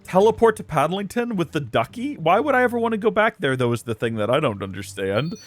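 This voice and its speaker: A man narrating his video game play with lots of joking exasperation and rambling asides. His voice sits fairly high and bounces around a lot in pitch, with faint game music underneath. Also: sing-song, fast. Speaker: let's play host. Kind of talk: game commentary.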